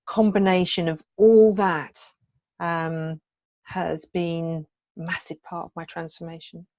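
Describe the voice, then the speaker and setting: A woman's voice: on the low side, flat delivery, takes it slowly, a little mellow, dry recording. A middle-aged woman, a hypnotherapist and wellness coach, sharing her own story in an earnest, heartfelt way with frequent hesitations. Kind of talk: personal testimony in a coaching video.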